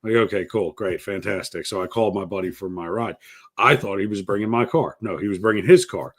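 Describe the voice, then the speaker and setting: A slightly low-pitched man hosts a loose podcast chat, cursing often as he spins stories. He teases his guests in a blunt, unfiltered way. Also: quick pace. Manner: blunt, swears freely, teasing. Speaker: podcast host. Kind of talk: casual chat, profane storytelling.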